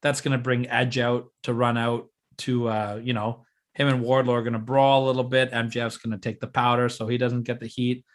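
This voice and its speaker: A man co-hosting a casual podcast chat, excitedly walking through his plans step by step and teasing his co-host. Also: mid-range voice, fairly quick. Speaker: podcast co-host booking a fantasy wrestling show.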